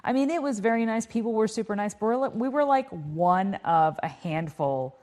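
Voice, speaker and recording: A woman in her forties from Canada, co-hosting a podcast in relaxed, chatty conversation. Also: medium pitch, normal speed. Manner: relaxed, chatty, filler-heavy. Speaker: podcast co-host. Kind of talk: casual podcast chat.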